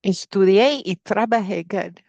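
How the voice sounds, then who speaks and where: Woman, online Spanish teacher, gravelly voice, dry close sound, leads prayer and drills. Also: mid-range voice, moderate pace, darkish tone, dry recording, lo-fi sound. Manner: prays aloud, then drills vocabulary with repetition. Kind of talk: live online class teaching. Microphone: computer mic on a video call.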